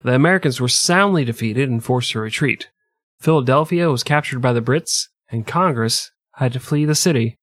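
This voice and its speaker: A man's voice: mid-range voice, moderate pace, a bit bright, no echo, clean studio sound. Joking man co-hosting a history podcast. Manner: joking, crude, laughs often. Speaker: podcast co-host narrating history. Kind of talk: casual comedic history podcast.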